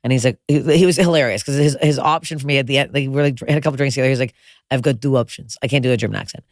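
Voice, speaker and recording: A woman's voice: very deep voice, rapid-fire, no echo, studio quality. A woman comedian telling a crude, self-mocking story in casual podcast chat. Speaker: comedian guest.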